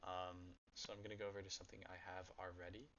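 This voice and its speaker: A man's voice: sits low, flat delivery, quick pace, a bit bright. A young man casually talking through a coding tutorial, loose and rambling, thinking aloud with lots of ums and the odd swear. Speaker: self-taught coder giving a web dev walkthrough. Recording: dull lo-fi mic with faint noise.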